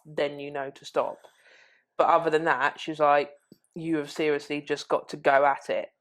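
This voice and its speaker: A woman sits as a podcast guest, speaking in a fairly low voice. She tells her story candidly and bluntly, swearing without hesitation. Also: flat delivery, normal speed. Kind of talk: frank personal storytelling.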